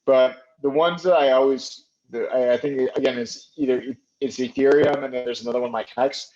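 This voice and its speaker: A man's voice: mid-range voice, fairly even intonation, normal speed, darkish tone. A man speaking as a podcast guest in casual conversation, hesitant, with many fillers and restarts, heard over a remote call. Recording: muffled remote audio.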